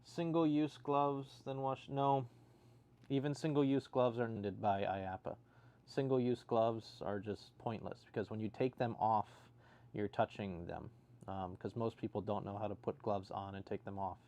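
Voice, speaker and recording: A man's voice: lowish voice, fairly even intonation, measured pace, darkish tone. A man hosting a casual livestream, reading viewer comments aloud and answering them with dry, sarcastic jokes. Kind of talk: casual chat.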